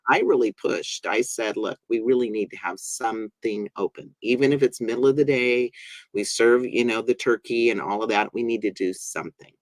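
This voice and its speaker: A man's voice: medium pitch, normal speed, no echo. A man hosting a spiritual talk show, telling his own stories in an earnest, conversational way. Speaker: host. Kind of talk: casual conversation.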